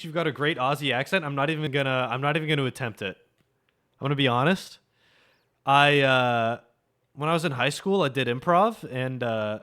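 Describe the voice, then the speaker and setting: A man's voice: mid-range voice, a bit bright. A young man streaming a game, chatting and joking casually with his viewers, swearing freely. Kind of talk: casual live-stream chat.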